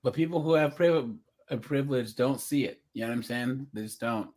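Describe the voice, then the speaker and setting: A man's voice: mid-range voice, brisk, darkish tone. A man from the United States hosting a livestream, giving casual, rambling reaction commentary. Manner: rambling, restarts. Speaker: livestream host.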